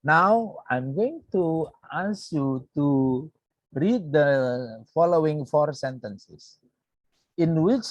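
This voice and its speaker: A man with an Indonesian accent teaching English grammar in an online lecture. He talks slowly and repeats points, checking in with a frequent "yeah". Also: medium pitch, slightly rough, no echo.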